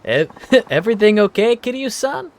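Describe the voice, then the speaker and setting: A talkative, giggly young woman who loves to share what she's heard, as a man puts on her voice. Her voice sits higher and brighter than the reader's own, bubbling along with little laughs. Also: very animated, moderate pace. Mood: chatty. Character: chatty cheerful young woman, gossipy and friendly.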